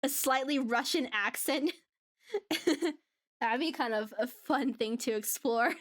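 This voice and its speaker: A woman's voice: sits high, slow, long pauses, fairly bright tone, no room sound, clean studio sound. A woman streaming live in casual chat, giggling often and rambling with restarts.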